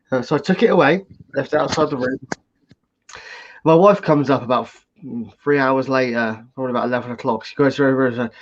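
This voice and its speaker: A man hosting a livestream, telling a family anecdote in an animated, casual way, heard over call audio. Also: mid-range voice, fast, muffled recording. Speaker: host. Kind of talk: casual storytelling chat.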